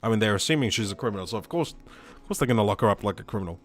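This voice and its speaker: A man's voice: lowish voice, animated, rapid-fire, soft background music. A man streaming a game, making casual, joking asides. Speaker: gaming streamer. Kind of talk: let's play commentary.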